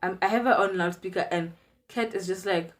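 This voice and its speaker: A young woman with a South African accent chats through a personal story. Her voice is fairly low for a woman, and she slips into the people she quotes as she goes. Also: a little fast. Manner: chatty, animated retelling with quoted dialogue. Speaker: vlogger. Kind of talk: casual storytime.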